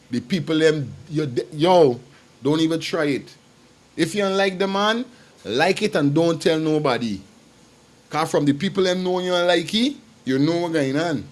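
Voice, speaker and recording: A man hosts a casual livestream, talking straight to his viewers. His voice sits a little higher than most men's. He drives each point home by saying it again and again. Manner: emphatic and repetitive, talks straight to viewers. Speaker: livestream host. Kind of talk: casual commentary.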